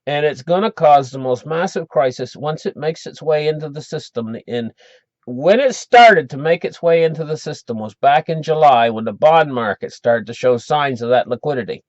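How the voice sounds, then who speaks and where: A man's voice: on the high side, animated, moderate pace, dry recording, dull audio. A man giving emphatic financial commentary, explaining with a story and frequent restarts. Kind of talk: animated commentary.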